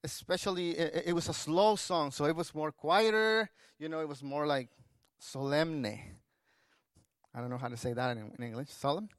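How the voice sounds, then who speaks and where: High-voiced pastor preaching a sermon. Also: male voice, normal speed, no echo.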